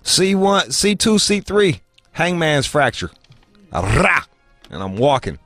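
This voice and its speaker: A man hosting a podcast, telling crude comic stories full of swearing and jumping into high squeaky voices to act out other people. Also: a little slow, no echo, faint music behind. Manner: profane, animated, mimics people in high voices. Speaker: podcast host. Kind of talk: crude comedic storytelling.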